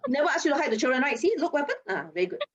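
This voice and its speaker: A woman, speaking as an animated expert in an online masterclass and teasing her audience. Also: high voice, very fast, muffled recording. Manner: animated, chatty, teasing, with local particles like lah. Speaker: guest speaker on mental wellness.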